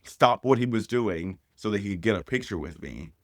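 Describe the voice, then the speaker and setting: Lively low-voiced man telling stories. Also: moderate pace, dry recording, studio quality. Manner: animated storyteller acting out quoted voices. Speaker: drag performer, guest. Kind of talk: casual storytelling interview.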